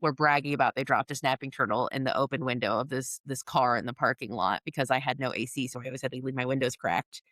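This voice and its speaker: A woman co-hosting a podcast, chatting casually and telling animated stories with frequent laughter. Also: extremely low pitch, fast talker, hardly any pauses, no room sound, studio quality. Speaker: podcast co-host and coach. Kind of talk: casual conversational storytelling.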